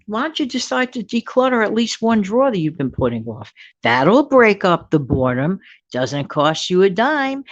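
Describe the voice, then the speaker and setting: A woman's voice: medium pitch, no echo. A woman hosting an advice talk to her viewers, chatty and emphatic, repeating words for stress. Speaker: host. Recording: dull, lo-fi dry sound.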